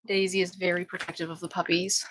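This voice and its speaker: A woman's voice: flat delivery, quick pace, a bit bright, a little hiss or hum, rough recording. Chatty woman hosting a home live stream. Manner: chatty, coos in high baby talk to puppies. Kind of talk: casual live-stream chat. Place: indoors at home.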